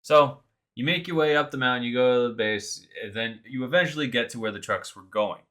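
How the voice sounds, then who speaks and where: A man co-hosting a podcast, recapping a video game in animated, sarcastic casual chat. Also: medium pitch, a little fast. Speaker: podcast co-host.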